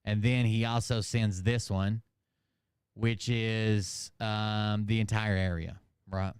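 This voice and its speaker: Sarcastic guy reading emails out slow, smooth clear voice, dry close mic. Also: lowish voice, fairly even intonation, dry recording. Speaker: host. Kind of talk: casual commentary reading emails aloud.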